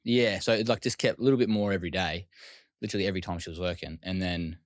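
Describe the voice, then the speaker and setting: Casual Australian male guest; low voice, dry close sound, loose rapid delivery with swearing. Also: steady tone, no echo. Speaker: interview guest. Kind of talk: casual storytelling interview.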